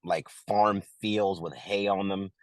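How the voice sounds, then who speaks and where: A middle-aged man, an actor who also directed, telling a casual story in an interview, lively and full of restarts. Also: low-pitched, takes it slowly, no echo. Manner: animated, acts out quotes, many restarts.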